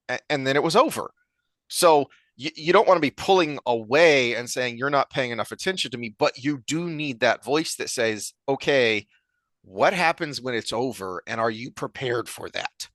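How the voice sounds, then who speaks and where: A man co-hosting a podcast, talking in a rambling, animated way with frequent restarts. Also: medium pitch, dry recording. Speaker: podcast co-host. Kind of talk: casual chat.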